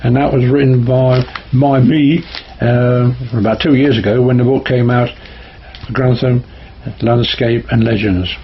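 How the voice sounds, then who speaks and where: A man's voice: mid-range voice, fairly even intonation, a little slow. A man, a local author, chatting about his book in a self-deprecating way. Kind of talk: casual radio chat. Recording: muffled radio recording with faint noise.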